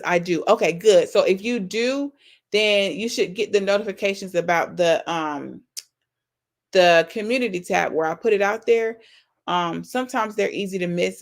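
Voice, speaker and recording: A YouTube channel host runs a casual live-stream Q&A, reading viewer comments aloud and answering them earnestly, affectionately, and with faith. Her voice is lowish and creaky.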